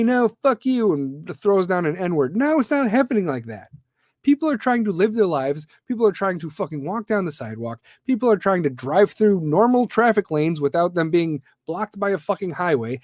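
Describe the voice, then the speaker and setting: A man's voice: on the high side, a little mellow, no echo. Man, podcast host, heated rant, profane, blunt, dry recording. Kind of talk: ranting monologue.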